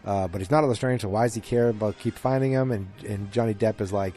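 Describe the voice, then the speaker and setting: A man's voice: fairly low pitch, fast, few pauses, warm tone, faint music behind. A man hosting a podcast, casually recapping a film in a rambling way with lots of fillers and restarts. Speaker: podcast host.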